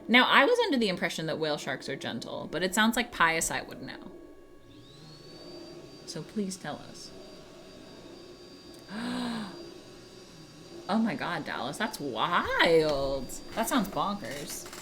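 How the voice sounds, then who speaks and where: Giggly, animated woman streamer. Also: lowish voice, a little slow, long pauses, background noise. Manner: giggly, animated, casually swearing. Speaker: livestream host. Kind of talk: casual livestream chat with viewers. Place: home.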